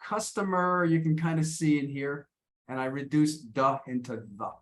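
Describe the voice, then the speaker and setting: An American man leads an online English lesson at a middle pitch. He explains patiently but haltingly, stumbling over and repeating his words as he goes. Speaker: English teacher.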